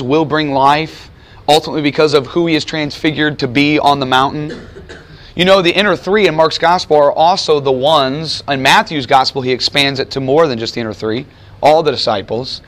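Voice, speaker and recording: Male preacher in the middle of a sermon, higher-pitched, emphatic, slows down to drive points home. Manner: animated, emphatic, rhetorical questions, slows for emphasis. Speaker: preacher teaching a Bible study.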